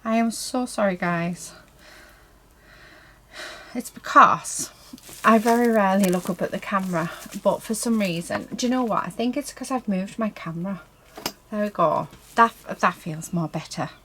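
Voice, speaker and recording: A woman's voice: mid-range voice, moderate pace, pauses often, a bit bright, a little hiss or hum, low-quality recording. A woman chatting casually while she paints a craft project, talking to herself and her viewers and filling her speech with "so yeah" and "um". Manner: chatty, heavy on fillers like "so yeah" and "um". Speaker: crafting vlogger. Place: indoors at a craft table.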